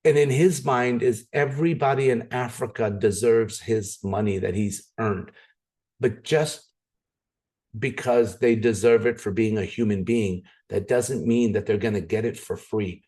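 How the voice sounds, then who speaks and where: A man giving a motivational sales training talk, animated, acting out scenes and repeating words for emphasis. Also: lowish voice, normal speed.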